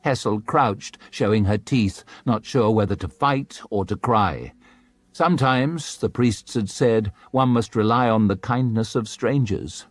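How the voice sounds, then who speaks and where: A man narrating an audiobook in a slow, dramatic storytelling manner. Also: on the low side, no room sound.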